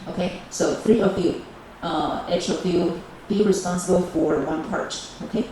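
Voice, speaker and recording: A woman teaching English grammar to a high school class, mixing languages and repeating each key phrase. Her voice bounces around a large, very echoey classroom, and clear room noise sits under it. She calls on one team after another. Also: moderate pace, warm tone, far from the mic. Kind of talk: bilingual classroom grammar lesson. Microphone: camera recording the class.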